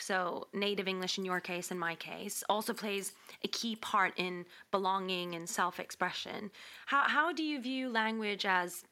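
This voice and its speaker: A woman hosting an interview, asking thoughtful, measured questions and readily agreeing with her guest. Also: mid-range voice, pushed and bright. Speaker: host. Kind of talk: conversational interview.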